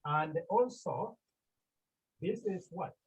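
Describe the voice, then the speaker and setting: A man from Cameroon teaching a Greek class. He talks slowly and deliberately, repeats the key terms and asks the class questions. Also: sits high, animated, slightly rough. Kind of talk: classroom lecture. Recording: muffled phone-like classroom recording.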